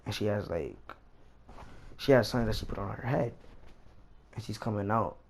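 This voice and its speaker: A man's voice: on the low side, animated, normal speed, creaky, husky. A young man vlogger telling a rambling, slangy story as he plays a game. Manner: rambling, slangy, repeats himself. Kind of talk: casual storytime while gaming.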